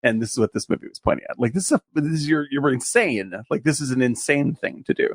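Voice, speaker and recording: A man co-hosting a casual movie podcast, excitable, laughing often and swearing as he talks. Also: medium pitch, quick pace, breathy edge, no room sound. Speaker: podcast co-host.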